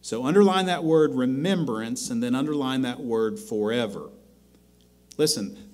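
A man preaching a sermon as pastor, slow and deliberate, rising loud on scripture and dropping quiet to make a point. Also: medium pitch, lively intonation. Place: church sanctuary.

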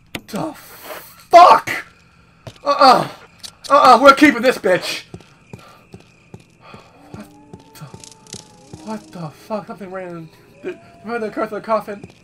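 A male gamer talks through his playthrough in loose, profanity-laced commentary, often shouting at the game. His pitch swings widely and his delivery is unhurried between outbursts. The recording carries clear background noise. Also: expressive. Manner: profane, jumpy, yelling at the game. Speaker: let's play gamer. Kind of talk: gameplay commentary.

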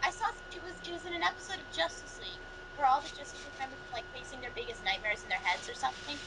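A high-voiced woman with a gravelly edge, chatting and teasing her co-hosts about films. She rambles loosely and fills her sentences with "like". A noisy home recording with clear hiss behind her. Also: racing. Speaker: podcast co-host. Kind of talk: casual movie chat.

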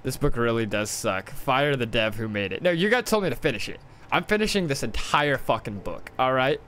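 A man's voice: medium pitch, sing-song, brisk, fairly bright tone, slight background noise. A man reading a storybook aloud on a live game stream, swearing and joking between stumbling lines. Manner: profane, joking asides, stumbles and restarts. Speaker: gaming streamer.

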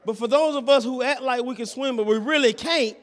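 Man, very high voice, pastor preaching, repeats himself, keeps asking listeners if they follow. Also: brisk. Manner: checks in with listeners constantly, repeating phrases. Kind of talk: sermon.

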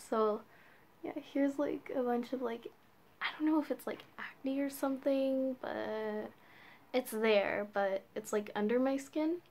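A woman's voice: on the high side, darkish tone. A teenage girl filming a casual beauty vlog at home, giggly and chatty, with lots of filler words. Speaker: beauty vlogger.

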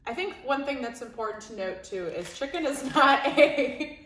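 A woman's voice: sits high, expressive, moderate pace, a bit bright, slight background noise. Casual woman, playful and laughing, food-review chat in a roomy room. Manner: chatty, laughs often, playfully dramatic. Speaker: co-host taste tester.

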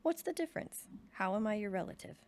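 A woman's voice: medium pitch, animated, fast, a little mellow, lightly acted. A woman voicing a blunt, cheerful old man of 111 with an old-country accent, speaking in a matter-of-fact way. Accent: put-on old-country accent.

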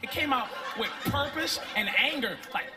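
Profane stand-up man, higher voice. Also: expressive, normal speed, over music. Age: 30s. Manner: conversational, profane, acts out voices. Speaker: stand-up comedian. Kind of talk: stand-up comedy routine.

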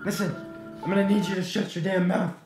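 High-pitched guy for a comedic VR let's play, brash and loud, in a very echoey room. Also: fairly even intonation, fast talker, music in the background. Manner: brash, loud, trash-talking. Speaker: gamer.

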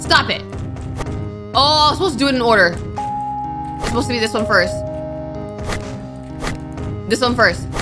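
A woman's voice: on the high side, expressive, moderate pace, pauses often, music in the background. A young woman narrating her own horror game play, jumpy and nervous, reacting with gasps and worried asides. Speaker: gaming streamer. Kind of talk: let's play commentary.

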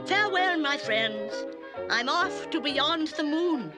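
A fussy, sentimental old storyteller from a 1960s cartoon musical, her voice rising and falling in a slow, motherly lilt. She speaks with prim, sing-song care. Orchestral music plays under her. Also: high voice, lively intonation.

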